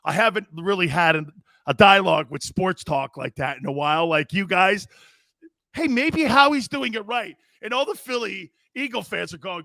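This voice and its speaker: Man, middle-aged sports talk host, high lively voice, gravelly edge, loud and teasing, dry close sound. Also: moderate pace, no echo. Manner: loud, hollering, laughing, teasing viewers. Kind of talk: live sports talk reading chat comments.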